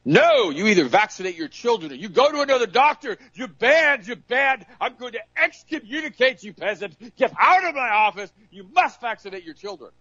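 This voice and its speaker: A man's voice: very high-pitched, sing-song, brisk, few pauses, sharp tone, pitched above the performer's own voice, heavily acted. A man voicing an arrogant, bossy male doctor who scolds and dismisses a patient. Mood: haughty scolding. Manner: haughty, dismissive, commanding. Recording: dull lo-fi recording.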